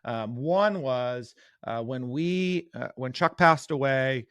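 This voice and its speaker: A man in his forties speaks as a podcast interview guest, earnest and self-deprecating as he tells stories. His voice sits at a middle pitch. The sound is dry and close, with no room echo. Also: lively intonation, slow, a bit bright, clean tone. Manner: earnest, self-deprecating storyteller with frequent fillers. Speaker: guest sales coach.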